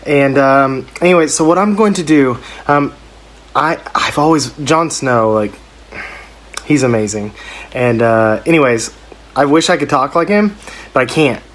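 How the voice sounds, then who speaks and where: Give me a slow-talking man rambling as podcast co-host. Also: mid-range voice, animated. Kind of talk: casual chat.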